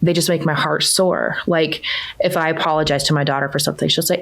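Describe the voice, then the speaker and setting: A woman in her thirties with a low, deep speaking voice tells a family story in relaxed conversation. She talks casually and gets animated, jumping way up in pitch when she quotes her kids. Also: a little fast. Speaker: coaching client sharing her story.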